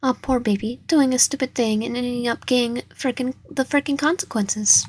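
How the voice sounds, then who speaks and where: A woman's voice: a little slow, breathy edge. Woman doing a whispering yandere boyfriend, whispered role-play. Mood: mocking. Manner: low, hushed and threatening. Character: possessive menacing young yandere boyfriend.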